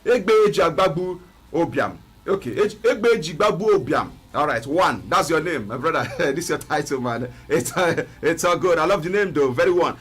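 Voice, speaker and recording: A Nigerian man hosting a live sports show, animated and jokey, reading viewer messages and mixing in pidgin. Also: fairly high pitch, husky. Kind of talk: lively live sports talk.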